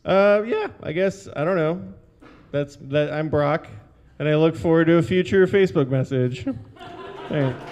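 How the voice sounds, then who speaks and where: A man's voice: on the high side, unhurried, a little mellow. A man performing stand-up one-liners at an open mic, with dry, awkward, self-deprecating asides. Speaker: stand-up comic. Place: brewery taproom stage.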